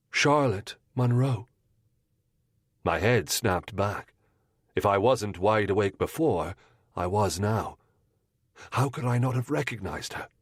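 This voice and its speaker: A man narrating a mystery audiobook in the first person, in a measured, composed way. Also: lowish voice, no echo, studio quality.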